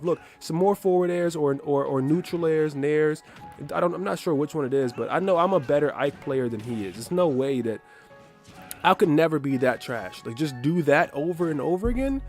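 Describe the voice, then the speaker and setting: A man's voice: a little high, animated, moderate pace, a little mellow, soft background music. A man giving gameplay commentary as a gaming video maker, trash-talking his opponent with plenty of swearing. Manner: brash trash-talking, profane. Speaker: gaming YouTuber.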